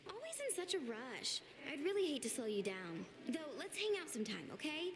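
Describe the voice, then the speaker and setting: A woman's voice: high-pitched, big pitch swings, fairly quick, a little hiss or hum. A woman voicing a mischievous, taunting goddess of strife in a video game, with a sing-song, teasing delivery.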